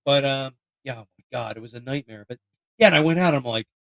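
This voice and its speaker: A man in his late twenties from Pennsylvania, co-hosting a podcast and telling a profane, animated story with mock voices. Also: medium pitch, fast talker, poor audio. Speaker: podcast co-host. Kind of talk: casual storytelling chat.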